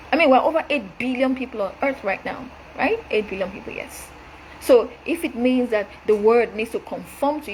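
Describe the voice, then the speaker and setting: A young adult woman hosting her show, delivering a forceful, preachy rebuttal straight to camera. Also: a little high, slight background noise, rough recording. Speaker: show host. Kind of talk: direct-address rebuttal monologue.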